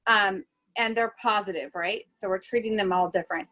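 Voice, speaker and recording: The speaker is a woman, a holistic travel nurse hosting a podcast, telling stories in a laid-back chat. Her medium-pitched voice moves a little fast, and the recording is rough. She's animated, laughs frequently, and leans on many fillers.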